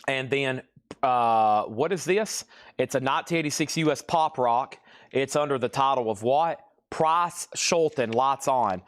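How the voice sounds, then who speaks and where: A man hosting a live-stream record sale, reading out titles, prices and bids in a steady patter while he handles records. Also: medium pitch. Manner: brisk, reads off prices and bids.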